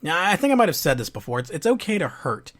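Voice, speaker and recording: Man, podcast host, earnest, halting, reflective monologue, slightly high pitch. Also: very animated, a bit bright. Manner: earnest, halting with restarts and fillers. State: going through a divorce, sad.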